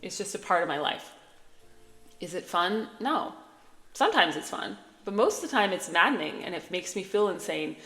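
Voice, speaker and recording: A woman's voice: on the low side, big pitch swings, moderate pace, bright, forceful tone. A woman giving spiritual guidance in a casual, earnest, reassuring way, talking straight to her listeners. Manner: earnest, conversational, reassuring, with fillers and asides. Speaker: spiritual channeler. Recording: echoey room with long reverb.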